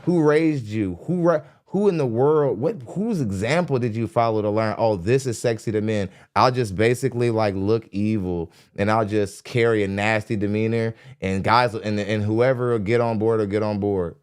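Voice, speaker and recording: A fairly low-voiced young man rants into a studio mic as a podcast host, blunt and mocking. He scolds in a heated tone and often breaks into laughter between jabs. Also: moderate pace, few pauses, a little mellow. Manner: mimics others in high squeaky voices. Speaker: podcast host reacting to a dating show. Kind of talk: ranting reaction commentary.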